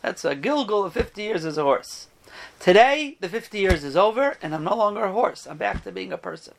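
High-voiced man telling a parable. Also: fairly quick, gravelly. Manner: animated storyteller, voices the characters. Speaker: rabbi giving a Torah talk. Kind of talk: storytelling sermon.

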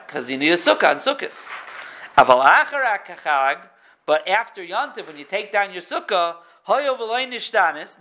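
High, bright-voiced man teaching Talmud. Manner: reads Hebrew text then explains in casual English. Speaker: Torah teacher. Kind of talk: Talmud lesson, reading and translating.

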